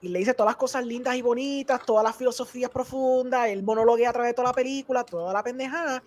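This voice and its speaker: A man's voice: very high voice, steady tone, very fast. A man co-hosting a podcast, chatting casually and explaining with energy while he switches between Spanish and English mid-sentence. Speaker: podcast co-host. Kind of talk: casual chat.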